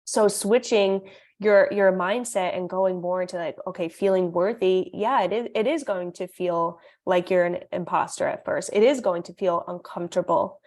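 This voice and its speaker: A woman's voice: lowish voice, steady tone, moderate pace, darkish tone. A woman guest on a podcast, explaining her ideas thoughtfully in casual conversation.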